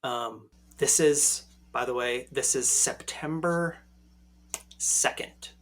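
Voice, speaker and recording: A man in his forties tells a story as a podcast guest with a bright, forceful voice. He is animated and keeps tagging his sentences with "right?". His pitch sits in the middle for a man. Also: takes it slowly.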